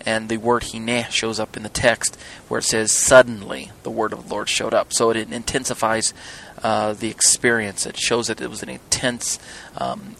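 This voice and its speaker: A man giving a recorded Torah teaching, who often pauses with fillers and restarts and spells words out letter by letter. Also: fairly low pitch, little pitch movement, gravelly, pushed and bright, a little hiss or hum.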